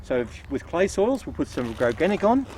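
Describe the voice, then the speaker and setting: Upbeat nurseryman, lively voice. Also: a little high, normal speed, noisy background. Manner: patient, upbeat explaining while digging and planting. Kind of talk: garden how-to demonstration. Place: outdoor plant nursery garden bed.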